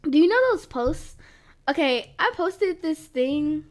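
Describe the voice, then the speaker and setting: A woman's voice: high voice, animated, takes it slowly, darkish tone. A young woman co-hosting a podcast, telling a story in casual chat, laughing often and filling her talk with "like". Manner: giggly storyteller, lots of "like". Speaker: podcast co-host.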